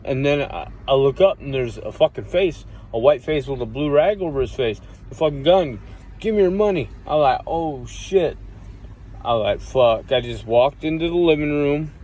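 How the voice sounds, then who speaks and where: A man's voice: mid-range voice, animated, moderate pace, few pauses. A man casually telling a long personal story, cursing often and rambling with restarts. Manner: profane, rambling, acts out quoted voices loudly.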